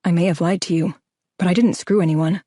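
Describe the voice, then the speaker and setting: A woman's voice: on the low side, steady tone, fairly quick, warm tone, no room sound, studio quality, lightly acted. A woman voicing a weary, hurt young husband in an audiobook. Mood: earnest. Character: young adult husband, injured, tired and wounded. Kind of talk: audiobook character voice.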